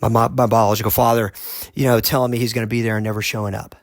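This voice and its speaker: A man hosting a podcast, earnestly telling a personal story in a halting way, often restarting his sentences. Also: fairly low pitch, little pitch movement, dry recording. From United States. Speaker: podcast host.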